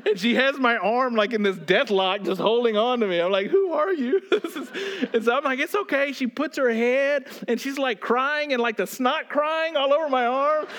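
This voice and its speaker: A man with a notably high speaking voice delivers a sermon. He reads a scripture passage, then moves into an animated personal anecdote and often laughs as he talks. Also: normal speed, few pauses. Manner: animated, laughs often while telling stories. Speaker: pastor.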